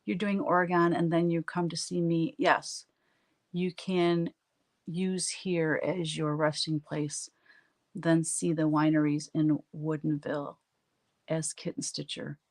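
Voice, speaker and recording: Woman, low voice, livestream painter, casual chat, storytelling, frequent laughs. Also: little pitch movement, unhurried. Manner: chatty storyteller, laughs often. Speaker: artist hosting a live stream. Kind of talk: casual chat with live viewers while painting. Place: home art studio, standing at work.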